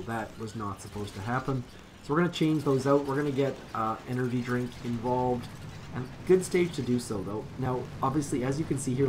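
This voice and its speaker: A man commenting casually on a live game stream, rambling and correcting himself as he talks to his chat. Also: medium pitch.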